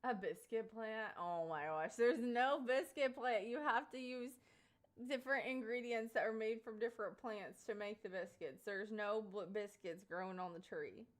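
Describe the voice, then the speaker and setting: A woman's voice: a little high, normal speed. A young woman streamer telling a story casually to her chat, full of fillers and frequent laughter. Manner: animated, laughs often, many fillers like "like" and "um". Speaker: live streamer.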